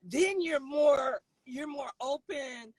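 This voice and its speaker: A woman's voice: high voice, takes it slowly, a little mellow, dry recording, poor audio. A middle-aged woman, a mother, giving her opinion in a casual discussion in an explaining way. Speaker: guest, a mother.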